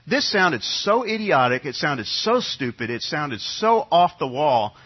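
A man preaching a sermon, retelling a scripture story with animated storytelling and acted-out crowd voices. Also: a little high, unhurried, few pauses, husky. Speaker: pastor. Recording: dull lo-fi sound.

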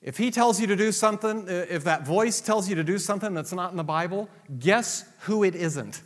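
A male pastor preaching a sermon, swinging between loud emphatic declarations and low asides. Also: moderate pace. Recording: long reverb of a large hall.

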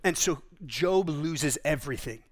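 A man's voice: fairly high pitch, lively intonation, unhurried. A man, a pastor, preaching a conversational sermon in an earnest, informal way, often restarting and repeating words.

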